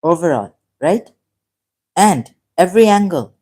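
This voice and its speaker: Low, slow-talking woman livestreaming. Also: animated, warm tone, slightly rough. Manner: halting, self-correcting, with frequent laughs. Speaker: livestream host. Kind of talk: unscripted livestream commentary.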